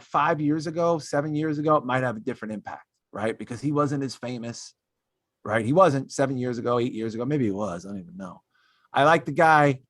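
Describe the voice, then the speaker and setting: A man's voice: mid-range voice, fairly bright tone, no room sound, clean studio sound. A man hosting a casual comedy podcast, ranting in an exasperated way with lots of fillers and restarts. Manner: switches to mocking put-on voices when quoting others. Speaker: podcast host.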